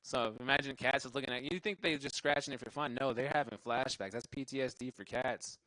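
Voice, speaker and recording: A man's voice: mid-range voice, fast talker, sharp tone, no echo, rough recording. Young male comic, loose rambling stand-up delivery, swears a lot, dry mic sound. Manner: rambling, laughs at his own jokes, profane. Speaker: stand-up comedian. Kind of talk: stand-up comedy set. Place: live show venue.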